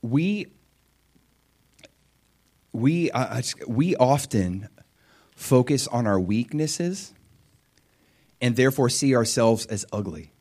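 Middle-aged male preacher, expressive sermon delivery, swings from loud to whispered asides. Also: medium pitch, takes it slowly, long pauses. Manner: animated, acts out prayers and Jesus' replies, drops to whispers.

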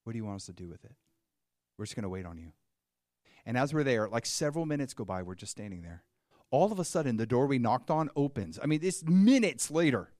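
Animated male preacher, dry close sound. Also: mid-range voice, fast, no echo. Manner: animated storyteller, swings from quiet to excited. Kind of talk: sermon with storytelling.

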